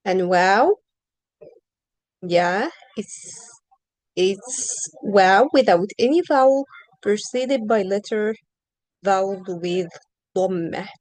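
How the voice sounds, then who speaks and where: A woman's voice: medium pitch, lively intonation, very slow, long pauses, a little mellow, dry recording, rough recording. A woman teaching Arabic reading in an online lesson, asking questions patiently and stretching out the example sounds.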